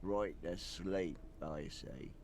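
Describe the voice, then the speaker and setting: Brief: drowsy, curt game dock worker, low voice and unhurried delivery. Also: male voice, a little mellow, a little hiss or hum. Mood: surly. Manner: drowsy and evasive, curt answers. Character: sleepy, surly thirty-something male dock worker.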